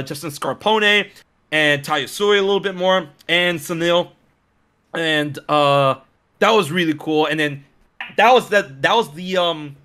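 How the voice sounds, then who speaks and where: A young man telling a story in a casual chat, excitable and slangy, with many restarts. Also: fairly high pitch, clear, resonant tone.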